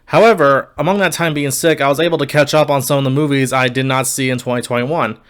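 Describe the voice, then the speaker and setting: A man's voice: mid-range voice, fairly even intonation, quick pace, a bit bright, clear, resonant tone. A young man casually reviewing movies, candid and wry with blunt opinions.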